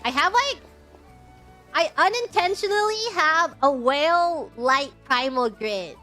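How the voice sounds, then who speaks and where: A woman's voice: sits high, lively intonation, a little slow, sharp tone, faint music behind. A woman streaming a game, chatting casually in a rambling, giggly, self-mocking way. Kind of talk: casual chat.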